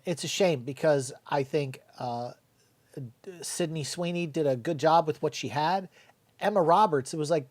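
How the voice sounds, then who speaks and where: A man's voice: a little high, a little mellow. A middle-aged man giving a blunt, casual spoken movie review, swearing freely and mocking the dialogue. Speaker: film reviewer.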